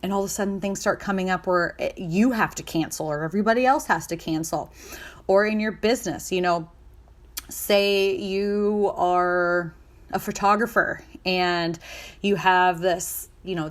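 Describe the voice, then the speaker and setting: Woman, 30s, podcast host and sales coach; casual, upbeat, chatty delivery with playful acted-out self-talk. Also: medium pitch. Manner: upbeat, chatty, acts out hyped inner voices.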